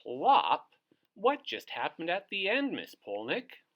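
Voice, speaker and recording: A man's voice: sits high, wildly swooping pitch, measured pace, highs cut off. A male teacher hosting a children's read-aloud, cheerful and encouraging as he talks to little kids. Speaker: teacher reading to young children.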